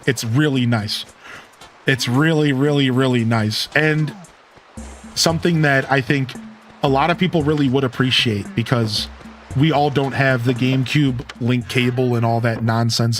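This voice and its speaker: A man with a mid-range voice live-streams a modded life-sim game, chatting in a relaxed, slangy way to his viewers and to himself.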